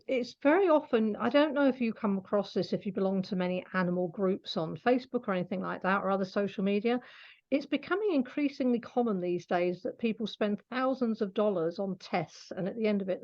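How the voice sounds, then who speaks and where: A woman's voice: mid-range voice, fairly quick, darkish tone. Chatty woman, lo-fi sound. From Scotland. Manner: chatty, laughs often, explains patiently. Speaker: animal communicator guest. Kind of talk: casual interview talk.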